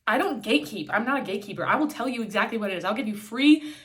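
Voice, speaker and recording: A woman's voice: fairly high pitch, animated, very fast, a bit bright. Young woman, solo podcast host; candid, blunt, casual, swears freely, acts out quotes; recorded on camera indoors. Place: indoors, filming herself on camera.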